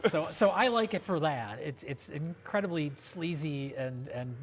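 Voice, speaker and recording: A man's voice: fairly high pitch, lively intonation, unhurried. A man hosting a casual film review podcast, rambling and enthusiastic with many fillers. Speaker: podcast host.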